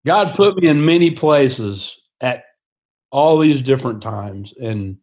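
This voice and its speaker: A man's voice: mid-range voice, lively intonation, slow, darkish tone. A man who pilots attack helicopters, a podcast guest telling his stories in an earnest, casual way and laughing often.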